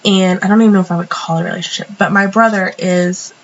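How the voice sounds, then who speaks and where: A woman's voice: mid-range voice, steady tone, fast, highs cut off. Young female vlogger, casual rambling storyteller, sniffly, faint background hum. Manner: chatty, rambling, many fillers and restarts. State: sniffly from a cold. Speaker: planner vlogger.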